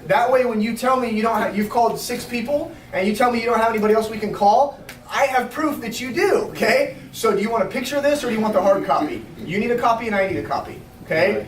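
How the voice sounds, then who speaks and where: A man giving an energetic sales training talk to a small group, checking in often with his listeners. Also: high-pitched. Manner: energetic, fast, coaching with repeated check-ins. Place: restaurant meeting room. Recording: roomy, distant, faint noise.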